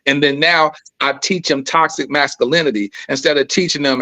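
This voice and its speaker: A man's voice: a little high, fairly quick, hardly any pauses, sharp tone, low-quality recording. A man speaking as an interview guest, earnest and preacherly, telling personal stories. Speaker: podcast host and filmmaker as guest. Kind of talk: candid interview conversation.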